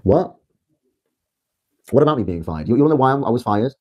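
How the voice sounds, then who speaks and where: A man's voice: medium pitch, very animated, quick pace, a little mellow, slightly rough. A young man from Britain on a livestream, ranting defiantly with rambling restarts. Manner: rambling, repetitive, stumbling restarts.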